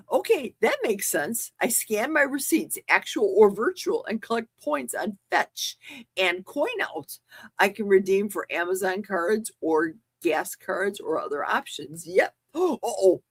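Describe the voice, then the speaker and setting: Woman, slow gasping livestream chat, dry close sound. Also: fairly high pitch, slightly rough, no room sound. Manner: gasping, squealing, excitable. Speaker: livestream host.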